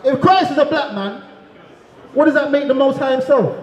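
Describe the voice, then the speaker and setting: High-pitched shouting street preacher man. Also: moderate pace. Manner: shouting, calls on the crowd to answer; repeats "you understand?". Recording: echoey, crowd noise behind.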